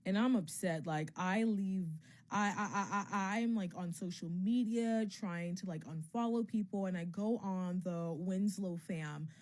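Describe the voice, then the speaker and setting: Young woman, storytime vlog, casual, profane, filler-heavy, animated retelling. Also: mid-range voice, unhurried.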